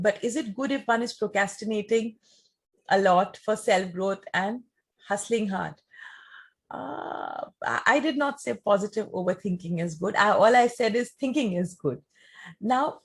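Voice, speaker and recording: A woman gives a talk and answers audience questions in a measured, explanatory way, often using rhetorical questions. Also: medium pitch, slightly rough.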